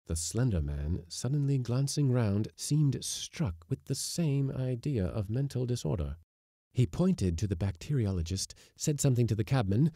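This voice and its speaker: A man reading a classic short story aloud with expressive, dramatic delivery. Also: medium pitch, moderate pace, dry recording, studio quality.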